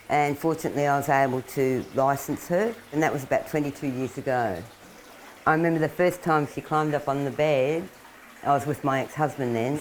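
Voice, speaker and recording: Low-voiced Australian woman, chatty. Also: slight background noise, low-quality recording. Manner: chatty, laughs often, coos at animals. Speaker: wildlife carer. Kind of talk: casual talk to camera while feeding animals. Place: indoors at home.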